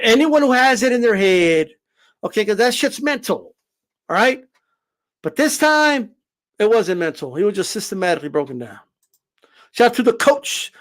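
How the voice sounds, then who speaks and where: A man giving a casual, animated opinion rant as a boxing commentator, profane and full of fillers. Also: sits high.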